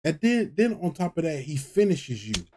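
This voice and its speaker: A man's voice: a little high, sing-song, normal speed, dark tone, husky. Profane, heated young male streamer. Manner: heated, profane trash talk and disbelieving exclamations. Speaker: streamer reacting to game highlights. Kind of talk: casual reaction commentary.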